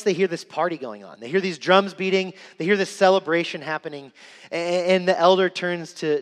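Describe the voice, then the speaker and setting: A young man preaching a sermon in a church, telling a story earnestly and repeating lines for emphasis. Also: a little high. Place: church sanctuary. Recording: reverberant church hall.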